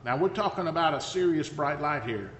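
A male preacher with a high, bright voice tells the story conversationally and drives his points home with emphatic asides. His voice carries through a long, echoey church hall. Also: lively intonation, fairly quick, a little hiss or hum. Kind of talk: sermon.

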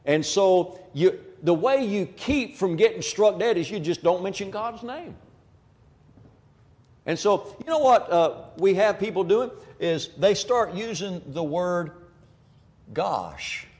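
Brief: male preacher, slightly high voice, emphatic, long hall reverb. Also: sing-song, takes it slowly, darkish tone. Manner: emphatic, acts out quoted people in dialogue. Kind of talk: sermon.

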